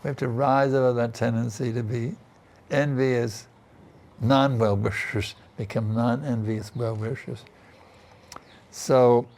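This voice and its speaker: An older man with a mid-range, creaky, slightly mellow voice teaches a scripture class at a temple in Vrindavan. As a spiritual teacher, he talks in a chatty way, often tossing in "isn't it" and "you see."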